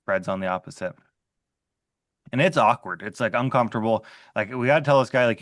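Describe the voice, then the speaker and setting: A man with a fairly low voice tells a story from his working life in a loose, conversational way. He leans on "like" and trails into restarts as he talks, and his voice sits dry and close with no room around it. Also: fast, no room sound. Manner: conversational, filler-heavy with frequent "like". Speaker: interview guest, former HR manager. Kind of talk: casual storytelling.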